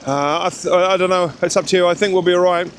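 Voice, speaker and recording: A man's voice: high voice, fairly even intonation, quick pace, a little hiss or hum. A man vlogging outdoors in the snow, chatty and reassuring as he gives directions. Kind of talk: casual vlog chat.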